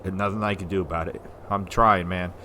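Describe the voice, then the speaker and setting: A man from the United States giving casual, rambling let's-play commentary as a gaming video host, sometimes slurring syllables when excited. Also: sits low, a little fast, heavy background noise. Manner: rambling, chatty, self-deprecating.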